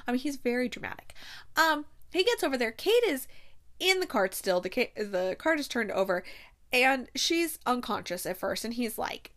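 A woman's voice: high voice, normal speed. Chatty woman recapping a romance novel. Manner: chatty and animated, laughs often. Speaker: podcast host. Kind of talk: casual book recap.

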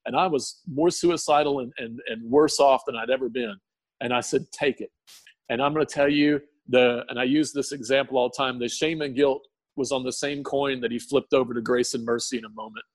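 A man shares his personal testimony, choked with tears and searching for words, often restarting his sentences. His voice is slightly husky and sits at an everyday pitch. The sound is close and dry. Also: fairly even intonation, dry recording. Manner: earnest, halting, with many restarts. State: tearful. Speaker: guest sharing testimony.

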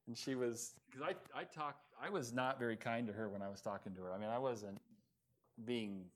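A man's voice: mid-range voice, normal speed. A man preaching an evening sermon as pastor, talking in a conversational, self-deprecating way with plenty of fillers, then closing in prayer.

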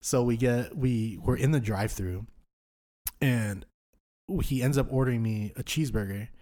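A young man in his twenties on a podcast, telling a drunk night-out story in animated, slangy chat full of swearing. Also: mid-range voice, moderate pace. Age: 20s. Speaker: podcast host.

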